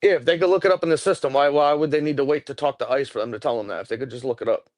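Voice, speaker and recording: A man's voice: mid-range voice, very fast, dry recording. A man co-hosting a live stream in casual chat, heated and profane, often repeating himself.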